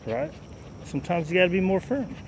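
A man with a slightly high voice chats casually while training dogs outdoors. He drifts between loose storytelling and clipped, firm commands to the animals. Faint noise sits under the recording. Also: very animated, fairly quick, creaky. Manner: talks to his dogs between stories, firm commands and baby talk. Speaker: dog trainer.

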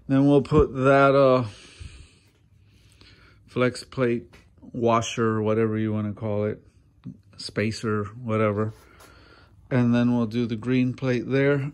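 A man walking through an engine swap in a garage, talking casually with many ums and uhs. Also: medium pitch. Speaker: mechanic showing an engine swap. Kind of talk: casual walkthrough narration. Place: garage workshop.

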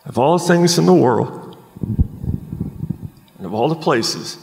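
A man in his forties earnestly telling his life story as a podcast guest, halting with many ums, recorded live at a conference. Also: fairly high pitch, expressive, creaky, a little mellow, big-room sound.

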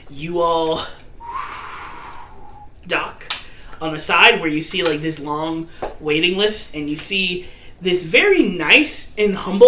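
A man's voice: on the high side, pushed and bright. A man narrating a tabletop game as game master, loose and rambling with many fillers. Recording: echoey room with faint noise.

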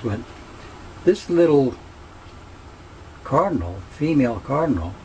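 A folksy man narrates a casual home video in a playful tone and drifts into gentle preaching. He talks slowly with a lively, swinging pitch. Faint outdoor noise sits behind him. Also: highs cut off. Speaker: video host.

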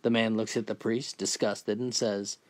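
Guy reading off dirty jokes one after another, flat steady delivery. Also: on the low side, normal speed. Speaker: joke teller. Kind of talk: scripted joke narration.

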